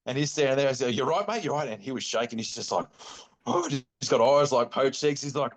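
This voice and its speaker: A middle-aged man with an Australian accent, a podcast guest telling hunting stories in a laid-back, animated way, slipping into the voices of his mates. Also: mid-range voice, fairly quick. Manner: animated yarn-spinning, acts out quotes, laid-back slang. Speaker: podcast guest, bowhunting club chairman. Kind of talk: casual storytelling interview.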